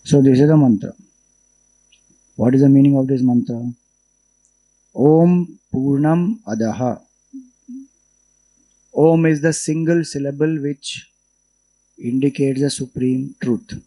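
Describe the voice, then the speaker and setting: An Indian man delivers a scriptural lecture in English at an unhurried, explanatory pace. His voice is mellow and dark, steady and middle-pitched. He talks like a teacher walking a class through the meaning of each chant. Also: low-quality recording. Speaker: spiritual teacher.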